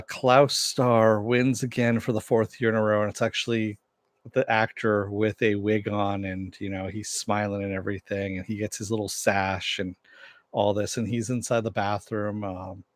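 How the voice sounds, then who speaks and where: Rambling low-voiced man reviewing a show. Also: dry recording. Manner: rambling, frequent fillers and restarts. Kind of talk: casual recap and review.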